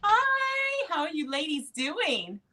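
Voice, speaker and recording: A woman hosting a casual live video-call chat show, bubbly and quick with laughs and asides. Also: on the high side, animated, crowd noise. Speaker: host.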